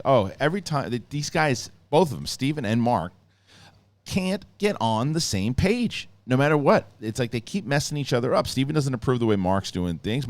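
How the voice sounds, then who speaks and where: A man hosting a casual show, excitedly retelling scenes in a rambling way full of restarts. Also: medium pitch, no echo. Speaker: show host reviewing a TV episode. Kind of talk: casual spoken review.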